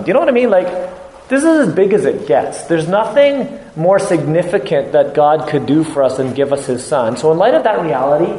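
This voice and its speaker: A man's voice: on the high side, animated, warm tone. Earnest man speaking in an echoey hall. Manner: earnest, halting, many fillers and restarts. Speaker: ministry speaker. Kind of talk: conference talk. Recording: echoey hall with faint ambience.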